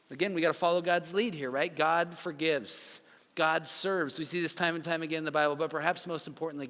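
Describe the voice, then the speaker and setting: Thirties male youth pastor, animated storyteller, long reverb. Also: fairly high pitch. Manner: animated storytelling, acts out quoted lines. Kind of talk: youth sermon.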